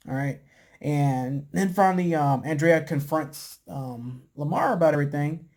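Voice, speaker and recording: A man casually recapping a reality show, talking in a relaxed, chatty way with lots of fillers and putting on voices for quotes. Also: moderate pace. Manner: laid-back, chatty, lots of "you know" and "man"; acts out quotes in a higher voice. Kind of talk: casual chat.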